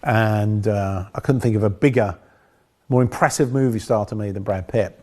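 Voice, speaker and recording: Director guy, lowish voice, rambling funny stories in an interview. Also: normal speed, mellow. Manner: rambling, anecdotal, dry humor. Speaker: film director. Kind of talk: interview anecdotes.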